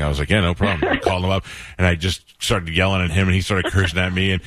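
A man with a New York accent hosting a radio show, telling stories in an animated way with quick laughs. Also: low-pitched, no echo. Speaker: radio host. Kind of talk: casual radio chat.

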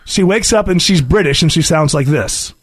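A radio host man with a high, very lively voice banters in a mocking way. He throws in quick asides. The sound is from a radio studio. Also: slightly rough.

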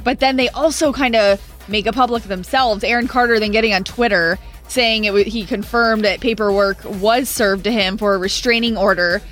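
A fairly high female voice, chatty and earnest as she talks through entertainment news on a morning radio show. A faint music bed runs beneath her. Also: a bit bright.

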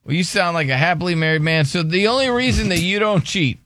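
A man hosting a morning radio show in a dry, close studio sound, his voice a touch higher than most men's. He jokes and teases his co-host while reading out listener answers in a casual, chatty way. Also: fast talker, a bit bright, dry recording. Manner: joking, teasing, prompts co-host with questions.

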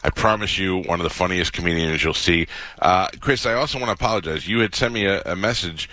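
A male radio host in casual chat, quick to laugh as he tells his own stories. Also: deep voice, bright, forceful tone, no echo. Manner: laughs easily, quick storyteller.

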